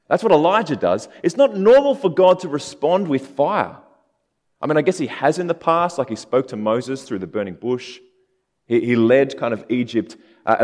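A man preaching a sermon in a relaxed, conversational way, with casual asides. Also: mid-range voice. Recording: long hall reverb.

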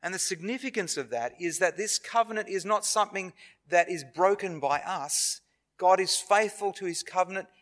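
A man with an Australian accent preaching a sermon in a church, earnest and measured, with pauses and self-corrections. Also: sits high, fairly bright tone.

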